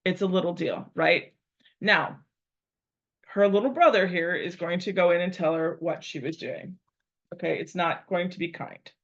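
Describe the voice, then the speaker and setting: A woman's voice: lowish voice, moderate pace. A woman teaching a Latin translation lesson, thinking aloud and repeating phrases as she works out each line. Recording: dull lo-fi recording.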